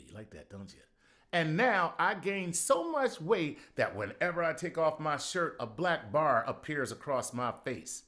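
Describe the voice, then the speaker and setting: A man's voice: mid-range voice, fairly bright tone. A middle-aged man doing a sarcastic comedy monologue, punchy, with sudden outbursts.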